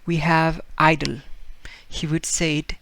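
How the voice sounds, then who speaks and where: Gravelly-voiced man teaching a lesson. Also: on the high side, level tone, unhurried, a bit bright. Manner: explains with repetition and fillers, acts out example words. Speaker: Spanish teacher. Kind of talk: casual video lesson.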